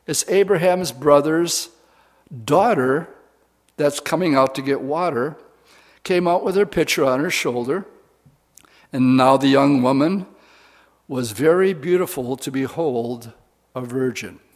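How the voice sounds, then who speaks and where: A man's voice: on the high side, unhurried, long pauses. A man preaching a sermon, retelling a scripture story in casual, folksy words to a women's audience.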